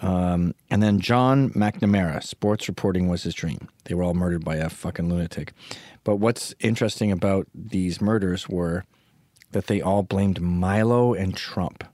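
Sarcastic, crude, low-voiced male podcast host. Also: normal speed, darkish tone, dry recording, studio quality. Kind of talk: casual podcast monologue.

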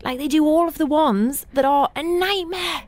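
Lively woman telling radio stories. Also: high voice, moderate pace, dry recording. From Britain. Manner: animated, laughing anecdotes. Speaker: radio show presenter. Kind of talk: chatty radio storytelling. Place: radio studio.

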